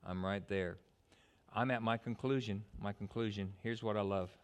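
A man preaching a sermon in church, animated, often stumbling into quick restarts. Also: fairly low pitch. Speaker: pastor.

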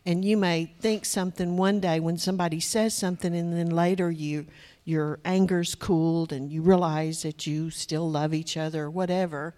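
A woman sharing a personal testimony in church, soft and reflective, pausing with hesitant fillers. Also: on the low side, fairly even intonation.

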